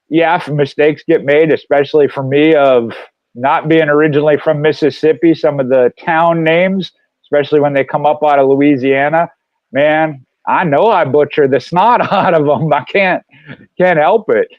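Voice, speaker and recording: A man's voice: a little high, moderate pace, no echo, highs cut off. Rambling man with a Minnesota accent. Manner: rambling, with many fillers and restarts. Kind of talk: casual radio talk.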